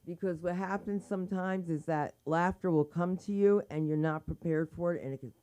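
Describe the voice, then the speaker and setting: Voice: medium pitch, fairly quick, mellow, clean tone. A comedy teacher giving frank, practical feedback to performers in casual chat after their sets. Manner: frank, advising, anecdotal.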